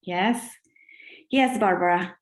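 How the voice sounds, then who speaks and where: A woman's voice: mid-range voice, takes it slowly, echoey room. A woman hosting a video call meeting, first chanting a rhythmic dance in a sing-song way, then chatting to the group with many fillers. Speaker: meeting host and dance leader. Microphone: video call computer mic.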